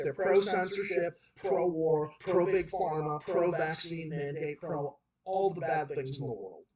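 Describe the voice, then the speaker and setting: A man's voice: on the high side, a little mellow. Ranting Boston man, far off in a roomy space. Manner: heated, repetitive, emphatic ranting with many restarts. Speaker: livestream host. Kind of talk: political rant on a livestream. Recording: roomy echo, far from the mic.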